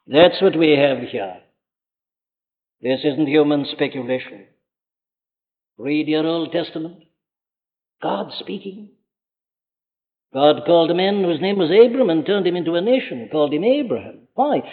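Older Welsh male preacher, earnest and pressing, higher-pitched, captured on a tinny old recording in a church. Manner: earnest and urgent, with rhetorical questions. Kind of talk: sermon. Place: church pulpit. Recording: phone-like archive recording in a reverberant hall.

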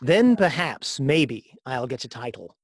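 A man's voice: mid-range voice, very animated, measured pace. Posh, teasing British man. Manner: dry, posh, teasing wit. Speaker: co-host introducing songs. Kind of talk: bantering radio-style chat.

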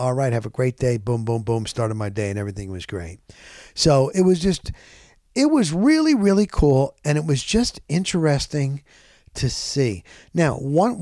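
A middle-aged man hosting a podcast, telling a rambling story in a casual, animated way and often correcting himself. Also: medium pitch, no room sound, studio quality. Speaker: podcast host.

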